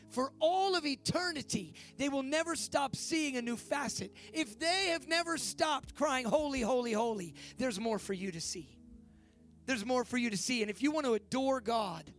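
A man in his forties giving a youth sermon, preaching with rising excitement and leading a fervent prayer. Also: extremely high pitch. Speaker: youth pastor. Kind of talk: sermon with altar call.

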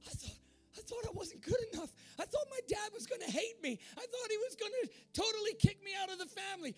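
A preacher acting out a young son in excited disbelief at being welcomed back. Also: extremely high pitch, pitched above the performer's own voice. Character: young son, amazed and relieved.

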